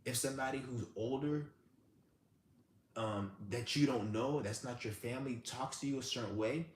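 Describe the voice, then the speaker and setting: A man's voice: medium pitch, normal speed. Blunt, profane man ranting in a roomy space. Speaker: live-stream host. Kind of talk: ranting storytelling. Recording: roomy with faint background hum.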